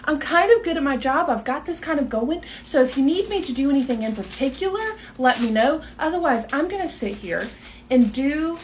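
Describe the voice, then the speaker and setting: A woman's voice: sits high, expressive, fairly quick, a little hiss or hum. A young woman performing a comedy sketch as a sarcastic, sassy salon worker. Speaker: comedy skit creator. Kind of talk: comedy sketch about workplace.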